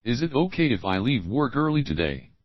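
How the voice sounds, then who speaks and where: A man's voice: medium pitch, sing-song, no echo, lo-fi sound. A man reading example questions one by one for English learners, saying the opening words and then the whole question. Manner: slow, clear drill reading, repeating each opening phrase. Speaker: English teacher.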